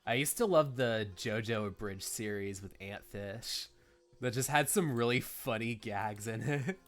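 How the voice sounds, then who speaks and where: A man's voice: fairly low pitch, measured pace, fairly bright tone. A young man streaming a game, rambling casually with lots of "like" fillers. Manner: rambling, heavy use of "like", laughs often. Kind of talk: casual let's-play commentary.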